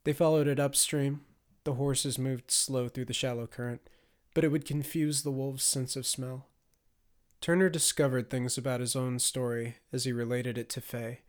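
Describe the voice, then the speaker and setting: A man reads a fantasy audiobook in a mid-pitched voice, keeping a measured, dramatic storytelling pace. He leans into the tension of the scene without rushing it. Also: level tone. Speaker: audiobook narrator. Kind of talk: scripted narration.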